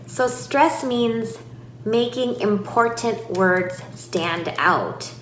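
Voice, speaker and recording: A woman teaches parents in a slow, measured voice, setting out each point clearly. She sounds like a speech therapist explaining a technique. The room has a noticeable echo, with a faint hiss behind her voice. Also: medium pitch. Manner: calm, clear explaining with exaggerated demonstrations. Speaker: speech-language pathologist. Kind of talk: instructional talk for parents. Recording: echoey room with faint noise.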